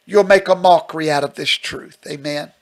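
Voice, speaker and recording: A man's voice: a little high, steady tone, normal speed, rough recording. A male pastor teaching at a Bible study question and answer session, earnest and emphatic, often checking in with "Amen?".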